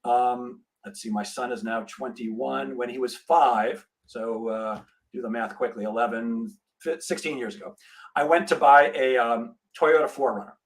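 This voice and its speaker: A man's voice: medium pitch, moderate pace, poor audio. A middle-aged man, a sales trainer and guest, telling a story in a podcast interview and acting out the dialogue. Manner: animated storyteller, acts out dialogue.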